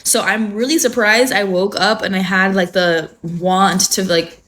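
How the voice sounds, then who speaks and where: A woman's voice: mid-range voice, steady tone, unhurried, fairly bright tone. A young woman from California who just woke up, chatting casually on a phone livestream, rambling with lots of fillers and swearing freely. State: just woken up. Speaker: livestream host. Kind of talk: casual morning livestream chat.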